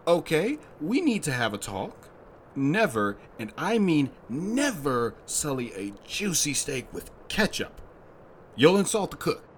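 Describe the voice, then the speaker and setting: A man playing a kindly butcher who jokes gently with a lost child. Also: medium pitch, big pitch swings, moderate pace, slight background noise, lightly acted. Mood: teasing. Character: kindly middle-aged male butcher, playful and protective. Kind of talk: radio drama acting.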